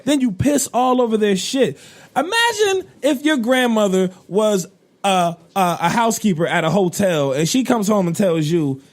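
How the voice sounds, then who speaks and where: A man co-hosting a podcast, ranting in a profane, animated way with bursts of laughter. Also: sits high, brisk. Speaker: podcast co-host. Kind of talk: casual podcast rant.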